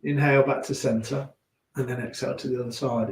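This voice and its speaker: A man with a Leicester accent teaching a gentle yoga class, giving calm, unhurried cues with chatty asides. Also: mid-range voice, creaky, slight background noise. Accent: Leicester English. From England. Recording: echoey room.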